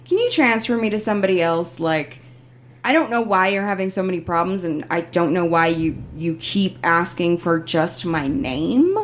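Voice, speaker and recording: Woman host, casual chat, lively pitch, acts out the quoted lines. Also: moderate pace. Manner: animated storyteller, acts out quoted phone reps. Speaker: podcast host.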